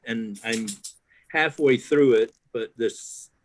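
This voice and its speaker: A man's voice: mid-range voice, takes it slowly. A man chatting casually on an online call about fishing gear, rambling with many fillers. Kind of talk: casual chat.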